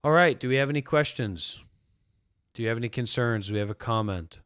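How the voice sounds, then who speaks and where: A man's voice: medium pitch, fairly quick, fairly bright tone, dry recording, studio quality. A man who teaches spirituality, talking bluntly and profanely to viewers on a livestream. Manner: blunt and profane, acting out quoted voices.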